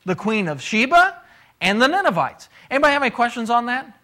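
A man's voice: extremely high pitch, sing-song, quick pace, bright, forceful tone. A middle-aged man teaching a casual Bible class lesson, talking conversationally and putting questions to the class.

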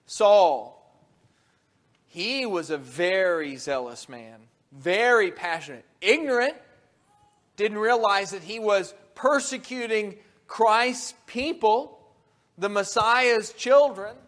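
A man with a high-pitched voice delivers a sermon. He talks in an animated way, rising loud and quick when he acts out quotes and sinking low and quiet on solemn points. He often restarts his sentences and chuckles between points. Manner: animated, swings from soft to loud when quoting. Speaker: preacher.

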